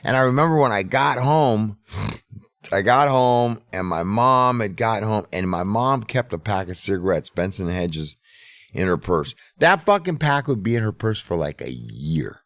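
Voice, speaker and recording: Lively, low-voiced man telling a story. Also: normal speed, no echo. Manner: profane, laid-back storyteller. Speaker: podcast host. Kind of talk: casual storytelling chat.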